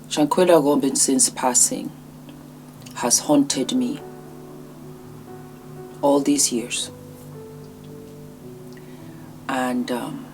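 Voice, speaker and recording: A woman vlog host talking in a subdued, hesitant way, sad and short on sleep, with halting pauses. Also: a bass voice, a little mellow. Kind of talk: commentary vlog.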